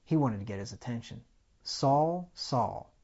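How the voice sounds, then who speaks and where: A man delivers a sermon with animated energy, his voice swelling loud on key points as he poses rhetorical questions to the congregation. His pitch is medium and his pace measured, captured on lo-fi audio.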